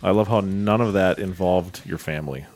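A man's voice: sits low, moderate pace, a little mellow, faint music behind. A man hosting a podcast in casual chat, bantering bluntly and teasing his co-host.

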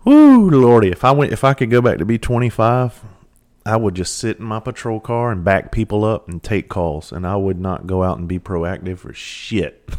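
Low-voiced man telling cop stories. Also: normal speed. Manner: profane, laid-back storyteller with bursts of laughter. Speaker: former police officer and firefighter. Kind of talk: casual storytelling.

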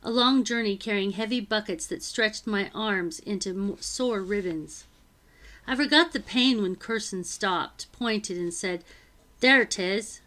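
A woman narrating a novel aloud in the first person, with steady, even reading. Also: medium pitch, a little slow.

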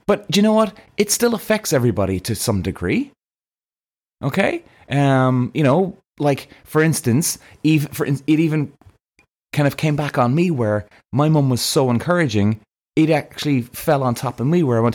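Animated man with a lively voice. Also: fairly high pitch, moderate pace. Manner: animated, swears freely, keeps addressing viewers as guys. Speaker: vlogger. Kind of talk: casual vlog talking to camera.

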